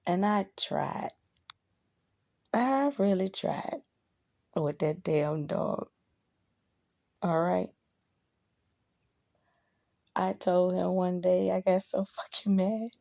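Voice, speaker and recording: A woman's voice: fairly low pitch, drawn-out words, gravelly, long pauses, warm tone, no echo, clean studio sound. A woman casually telling a personal story to camera, blunt and profane, with emphatic outbursts.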